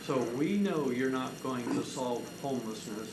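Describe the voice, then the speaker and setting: A man's voice: medium pitch, lively intonation, normal speed. A man interviewing a guest, asking probing follow-up questions. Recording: echoey room with background noise.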